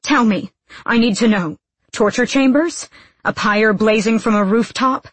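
A woman reading an audiobook, voicing a fierce, defiant young woman with a breathy voice. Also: medium pitch, normal speed, dry recording, natural voice. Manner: sharp, demanding, raised voice.

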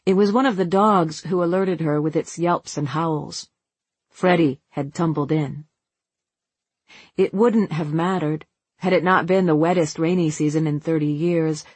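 A narrator reading a novel aloud as an audiobook in a measured, unhurried way. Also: medium pitch, breathy edge, no room sound.

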